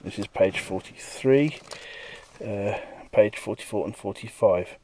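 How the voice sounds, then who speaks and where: A man's voice: lowish voice, unhurried, warm tone, a little hiss or hum. A man, a comic artist, rambling casually through his pages and acting out bits of the dialogue.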